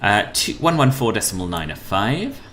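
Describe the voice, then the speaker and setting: Give me a playful man from the UK doing radio calls on a flight sim stream, lower voice, faint hiss. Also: big pitch swings, normal speed, a bit bright. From United Kingdom. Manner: chatty and playful, laughs often, calls people boss.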